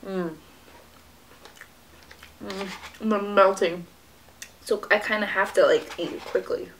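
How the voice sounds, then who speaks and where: A woman's voice: medium pitch, steady tone, slow, a little hiss or hum. A young woman chatting casually while she eats, with frequent fillers and little "mm" sounds. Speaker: fitness vlogger. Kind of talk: casual mukbang chat to camera.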